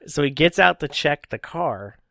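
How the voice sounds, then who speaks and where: A man's voice: fairly high pitch, lively intonation, moderate pace, vocal fry, a bit bright, no echo. A man co-hosting a casual movie recap chat, making sarcastic, dry jokes. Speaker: podcast co-host.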